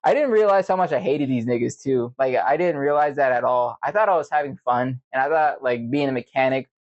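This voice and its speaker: A man's voice: mid-range voice, fairly quick. Profane young man rambling, lo-fi sound. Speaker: podcast host. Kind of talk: casual monologue. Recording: dull lo-fi recording.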